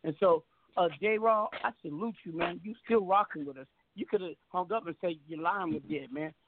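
Middle-aged male call-in radio host, high voice, rambling casual delivery, thin phone-line sound. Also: moderate pace. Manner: rambling, repeats words, stammering restarts.

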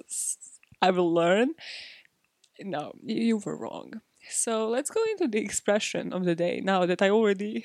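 A woman's voice: fairly high pitch, darkish tone, no room sound. Female podcast host, casual and self-deprecating, loose with swearing, dry close sound. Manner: chatty, self-mocking, laughs often, swears freely. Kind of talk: casual true-crime podcast chat.

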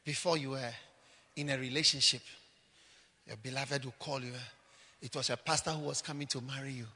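A man preaching a lively, mocking, humorous sermon, often mimicking people. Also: medium pitch, a little fast, in a large hall.

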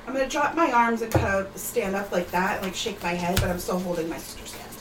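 A woman's voice: mid-range voice, quick pace. Rambling woman player, distant and hissy. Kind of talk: casual tabletop play. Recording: echoey room away from the mic, hiss.

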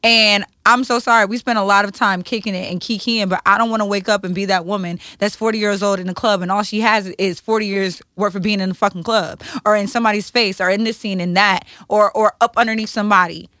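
A woman's voice: medium pitch, fairly even intonation, fast talker, few pauses, bright, forceful tone, dry recording, clean studio sound. A woman in her thirties co-hosting a podcast, talking candidly in a blunt, profane, emotional way. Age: 30s. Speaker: podcast co-host.

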